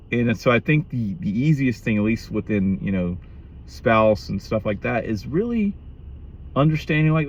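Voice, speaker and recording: A man's voice: medium pitch, highs cut off. A man in his thirties speaking candidly about marriage in a reflective monologue, blunt and profane, often restarting his sentences.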